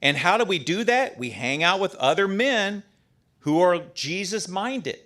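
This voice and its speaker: A man's voice: high-pitched, expressive, measured pace, fairly bright tone. A middle-aged man speaking as a priest to a room of men, in a slightly raised voice. He is folksy and emphatic, with plenty of restarts and casual asides. His delivery is a conversational sermon rather than a formal homily. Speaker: priest giving a talk.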